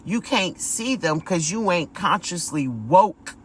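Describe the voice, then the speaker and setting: A woman's voice: fairly low pitch, animated, slow, hardly any pauses, breathy edge, poor audio. A woman giving a casual spiritual vlog monologue, talking emphatically, repeating words and calling her viewers y'all. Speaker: spiritual vlogger.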